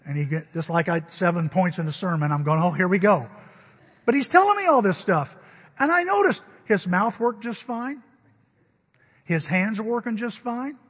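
A man preaching a sermon, telling stories in an animated way and acting out what people said, sometimes crying out. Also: high-pitched, normal speed, slightly rough, long reverb tail. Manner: animated, acts out quotes and cries out. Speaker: pastor. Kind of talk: sermon with storytelling.

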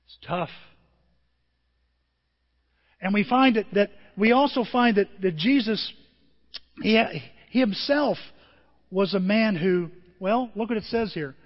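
A man pastor preaching a sermon with emotion, his voice moving from quiet and tender to loud and emphatic. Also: sits high, unhurried, long reverb tail, lo-fi sound. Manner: emotional, swings from soft to emphatic.

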